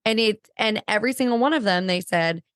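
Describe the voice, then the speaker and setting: An enthusiastic, chatty woman hosting a podcast, her voice at a middle pitch. The recording is dry and close, with no room sound. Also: a little fast, clean tone, no echo. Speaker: podcast host. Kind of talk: casual interview chat.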